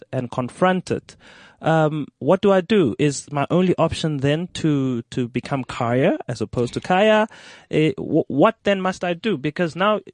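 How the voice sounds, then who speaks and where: A man in a panel discussion, questioning and halting, restarting his sentences. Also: a little high, dry recording. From South Africa.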